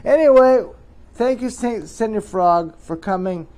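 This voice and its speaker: A man's voice: high voice, animated, unhurried, dark tone. A middle-aged man hosts a joking mock interview, rambling and teasing with chuckling asides. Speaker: host.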